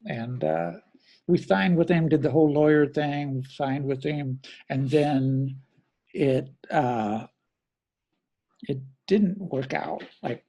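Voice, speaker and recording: In an interview, a middle-aged drummer from the American Midwest talks slowly in a slightly high, mellow voice with vocal fry. His stories ramble casually, and he keeps correcting himself and acting out what people said.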